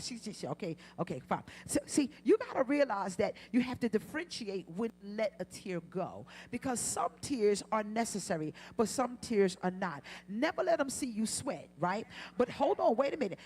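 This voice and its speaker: A woman preaches a sermon with a fairly high voice. She drops low and then rises to loud, passionate peaks. Humorous asides break up her delivery. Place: church sanctuary.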